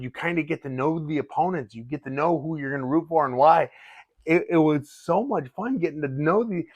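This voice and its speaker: Excited middle-aged fighter vlogging, dry close sound. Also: male voice, on the high side, no room sound. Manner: excited, animated, restarts often. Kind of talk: casual vlog talk.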